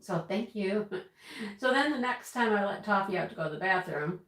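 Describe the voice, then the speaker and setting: A woman's voice: medium pitch, lively intonation, moderate pace, fairly bright tone. Woman, livestream host, casual rambling storyteller, laughs a lot, echoey room. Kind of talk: casual chat while crafting. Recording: roomy echo.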